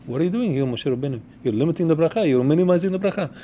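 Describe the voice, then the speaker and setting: A man gives a Torah lesson at a brisk clip, his voice sitting a little high for a man. He rattles off quotations in a quick chant and often repeats a word while he finds his phrasing. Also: expressive, warm tone, a little hiss or hum. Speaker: Torah teacher. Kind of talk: Torah class, explaining texts.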